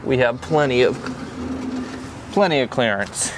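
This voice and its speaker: A young man casually vlogging about a truck build, relaxed and peppered with "dude". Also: mid-range voice, measured pace. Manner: laid-back, says "dude" a lot. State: out of breath. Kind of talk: casual shop vlog talk. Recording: noisy outdoor camera audio.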